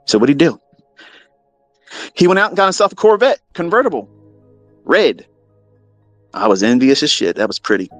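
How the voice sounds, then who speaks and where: A man telling a story in a profane, animated, mocking way, as a trading mentor talking to his audience. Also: fairly high pitch, moderate pace, long pauses, no room sound, faint music behind. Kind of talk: casual storytelling monologue.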